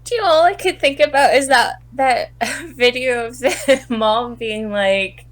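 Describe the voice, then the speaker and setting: A woman's voice: high voice, unhurried, few pauses. A young woman co-hosting a casual film review podcast, trading dry, teasing banter. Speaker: podcast co-host.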